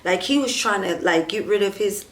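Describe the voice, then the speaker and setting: With a mid-range voice, a storytime vlogger chats casually and animatedly, speaking right to her viewers. She acts out quoted dialogue and fills her talk with drawn-out fillers and frequent "like" and "and stuff".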